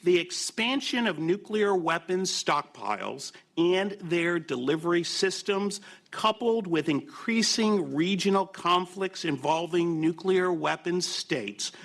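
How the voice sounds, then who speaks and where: A man at a podium giving a prepared policy speech, opening with lively quips before settling into formal remarks and emphatic quotations. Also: high voice, takes it slowly, vocal fry. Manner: reads quotations with rising emphasis. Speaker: keynote speaker. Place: conference hall podium.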